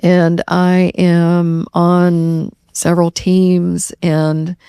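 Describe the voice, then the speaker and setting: An older woman, a guest in a candid therapy conversation, speaking in an earnest, halting way and repeating her words. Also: on the low side, monotone, warm tone, clean tone, no echo, clean studio sound. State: tearing up.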